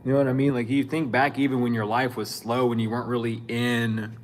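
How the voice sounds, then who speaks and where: A man's voice: medium pitch, slight background noise. Blunt, profane man giving a spiritual reading. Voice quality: profane, blunt, street-style slang. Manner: animated and scolding, with quick laughs. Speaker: spiritual reader. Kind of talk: casual spiritual reading to camera.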